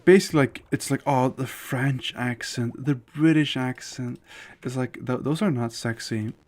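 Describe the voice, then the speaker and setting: While gaming on a live stream, a man chats with his viewers, rambling loosely, dropping "like" constantly, and giving blunt, candid opinions. His voice is mid-range and a little mellow, at a moderate pace.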